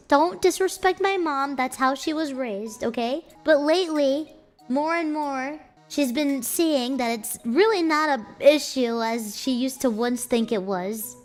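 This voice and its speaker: High-voiced, unhurried young woman streamer. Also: animated, soft background music. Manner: chatty, playful storytelling. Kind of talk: casual chat.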